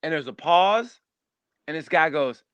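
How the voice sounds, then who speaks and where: A man, a stand-up comedian, telling stories in a rambling, animated way during a casual podcast chat. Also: fairly high pitch, unhurried, smooth, dry recording, muffled recording. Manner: animated, rambling storyteller, acts out voices.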